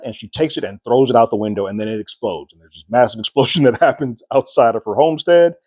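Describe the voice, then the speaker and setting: A man's voice: mid-range voice, lively intonation, racing, few pauses, a little mellow, husky, no room sound. A man giving a casual spoiler review of a TV episode, retelling scenes and acting out characters' lines with raised voices.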